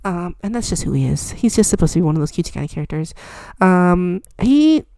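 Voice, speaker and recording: A woman's voice: on the low side, fast, creaky, a little mellow, no room sound. A young woman chatting casually while she draws, rambling and self-deprecating with lots of fillers. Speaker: art vlogger. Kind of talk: casual chat while drawing.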